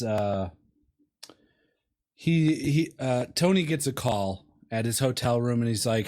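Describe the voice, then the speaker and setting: A man co-hosting a movie review podcast, retelling film scenes in a halting way with lots of ums and uhs. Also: on the low side, no echo, clean studio sound. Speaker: podcast co-host. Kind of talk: casual movie review chat.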